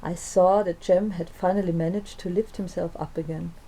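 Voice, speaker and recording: A woman reading her own story aloud in the first person, in a calm, soft-spoken way. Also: lowish voice, normal speed, a little hiss or hum, low-quality recording. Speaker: narrator and author.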